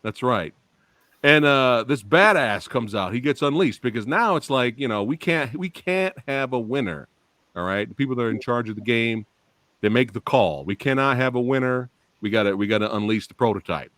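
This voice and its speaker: A man hosting a podcast, telling a story in a loud, animated, profane way in casual chat. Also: very high-pitched, normal speed, dry recording. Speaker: podcast host.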